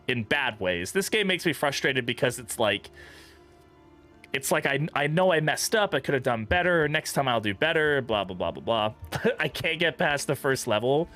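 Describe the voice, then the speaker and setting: A young gaming streamer gives casual let's-play commentary, swearing freely and laughing a lot as he chats. His medium-pitched voice comes across pushed and bright.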